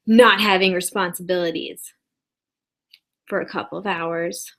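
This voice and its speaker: A woman's voice: medium pitch, fairly even intonation, a little slow, long pauses, a bit bright. A woman rambling through an improvised comedy monologue at her desk. She is mock-earnest and builds into outrage. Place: indoors at a desk.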